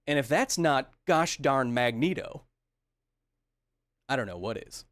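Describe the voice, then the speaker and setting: A man's voice: mid-range voice, animated, a little slow, fairly bright tone, a little hiss or hum. A man hosting a science podcast, chatting casually and joking while answering viewer comments. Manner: enthusiastic, jokey, reads chat comments aloud. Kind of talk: casual livestream Q&A.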